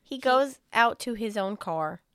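A woman's voice: fairly high pitch, animated, unhurried, fairly bright tone, smooth, no echo. Profane woman recapping a movie. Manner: blunt, profane, laughs often. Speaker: podcast co-host. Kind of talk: casual crude movie recap chat.

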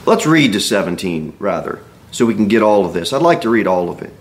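A man's voice: fairly low pitch, sing-song, a little fast. A man preaching an expository sermon as a pastor, reading scripture aloud and acting out the Bible figures' words with emphatic exclamations.

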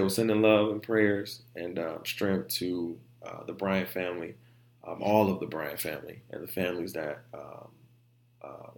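A young man hosting a solo podcast, ranting in a heated, profane way and repeating himself often. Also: low voice. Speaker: podcast host. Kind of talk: solo casual podcast rant. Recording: roomy echo.

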